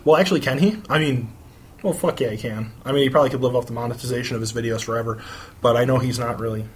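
A man's voice: mid-range voice, rapid-fire, slight background noise. An American man co-hosting a casual gossip podcast with his wife, rambling, swearing freely and laughing often. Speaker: podcast co-host. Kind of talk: casual chat.

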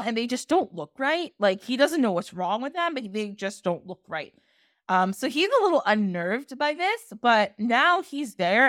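A woman podcast host casually retelling a folktale, chatty and animated, slipping into little voices for the characters. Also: on the high side, no room sound, studio quality. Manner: chatty, animated, acts out characters with quick asides. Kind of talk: casual storytelling.

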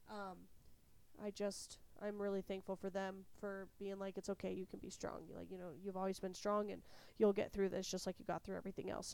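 A woman's voice: mid-range voice, clear, resonant tone, no room sound. A young woman from California hosting a podcast, a little sick, telling a story casually and candidly with plenty of swearing. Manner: candid, swears freely, animated retelling. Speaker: podcast host.

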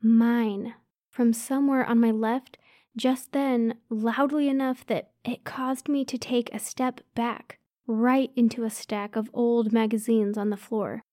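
A woman's voice: fairly high pitch, fairly even intonation, a little slow, a little mellow, dry recording, studio quality. A woman narrating a first-person story aloud, giving each character a light voice of their own.

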